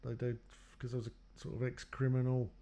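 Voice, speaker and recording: In a completely flat, brisk delivery, a man with a mid-range, dark-toned voice shares personal stories from his life. The telling is loose and rambling, and he voices what other people said to him.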